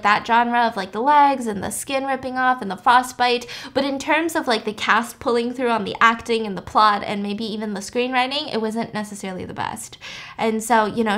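Chatty high-voiced woman podcaster. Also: fairly bright tone. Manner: chatty, laughs often, acts out characters' lines. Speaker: podcast host recapping a movie. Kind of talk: casual storytelling chat.

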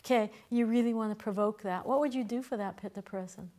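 Teacher, female, chatty and quick to laugh, fairly high voice, classroom feel. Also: crowd noise. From Boston, USA. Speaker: herbalism teacher. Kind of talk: casual classroom lecture.

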